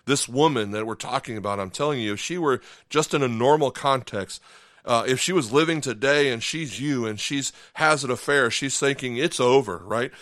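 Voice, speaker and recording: A man's voice: mid-range voice, moderate pace, fairly bright tone, no echo, clean studio sound. Earnest male pastor preaching a sermon. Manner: earnest storytelling, acting out inner voices in quotes.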